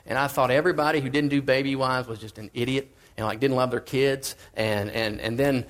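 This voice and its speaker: A man preaching a sermon in a casual, conversational way, swinging between emphatic and quiet lines. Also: mid-range voice, steady tone, brisk.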